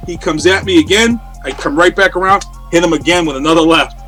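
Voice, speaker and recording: A man, a guest on an interview show, telling a story in a casual, animated way over a remote call. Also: fairly high pitch, fairly quick, soft background music. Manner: animated, acts out quoted voices. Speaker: interview guest, radio personality. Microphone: remote call from home.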